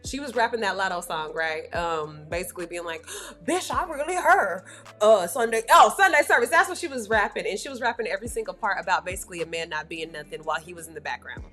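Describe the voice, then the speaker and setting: A woman's voice: on the low side, fast talker, sharp tone, faint music behind. A woman doing reaction commentary on clips, blunt, exclaiming and profane.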